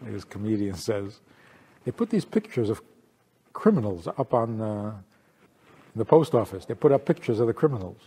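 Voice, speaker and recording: A rabbi teaching a lively lecture, teasing his listeners with rhetorical questions. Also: on the low side, moderate pace, long pauses, husky.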